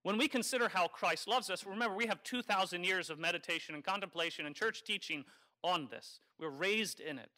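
Male priest, homily delivery, wry and conversational, bright and slightly high voice. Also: a little fast. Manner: conversational and wry, teasing the congregation. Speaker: Catholic priest. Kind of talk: sermon.

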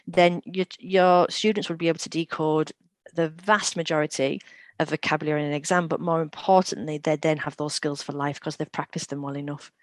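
A woman in her forties talks through teaching techniques on a podcast, working through step-by-step classroom examples. Her voice sits on the low side. The recording is dry, with no room sound. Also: steady tone, brisk, dry recording. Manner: practical, explains with classroom examples. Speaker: guest, education company CEO. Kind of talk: podcast interview.

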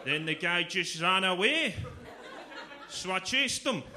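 A young man with a Glaswegian accent performing a stand-up comedy set, delivering jokes in a dry, deadpan manner. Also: sits high, takes it slowly, very noisy. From Scotland. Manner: deadpan delivery, breaks into loud exaggerated shouting for punchlines.

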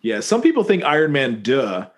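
A man's voice: mid-range voice, big pitch swings, moderate pace. A man co-hosting a casual movie-review chat, rambling and jokey, often correcting himself mid-sentence. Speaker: podcast co-host.

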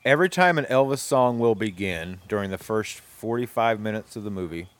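A man's voice: on the low side, fairly quick, slight background noise. A man hosting a radio talk show, chatting casually and laughing through his jokes. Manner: animated, laughing, jokey. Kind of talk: casual chat.

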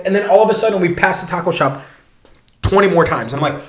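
A man's voice: on the high side, animated, quick pace, a bit bright, echoey room. A young man telling a long personal story in a casual, rambling way, swearing often and restarting his sentences.

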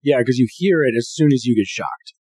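A man co-hosting a podcast in relaxed, slangy casual chat. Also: mid-range voice, slightly rough, no echo. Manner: relaxed, slangy, quick to laugh along. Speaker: podcast co-host.

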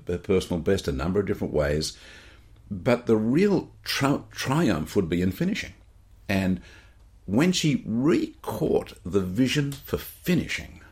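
An Australian man with a very low, deep voice tells a story on a talk podcast. He is animated and often restarts his sentences as he goes. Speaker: podcast co-host. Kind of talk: storytelling in casual chat.

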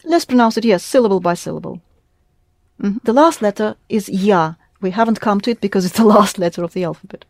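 A woman's voice: mid-range voice, expressive, brisk, no echo, studio quality. Patient woman teaching a class. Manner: patient, prompting questions. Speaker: language teacher. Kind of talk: classroom lesson.

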